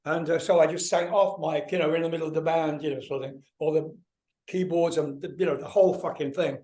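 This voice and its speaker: Older man telling stories with animated energy. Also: fairly high pitch, fast talker. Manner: animated, swears freely, acts out voices in anecdotes. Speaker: guest musician. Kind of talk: casual storytelling interview.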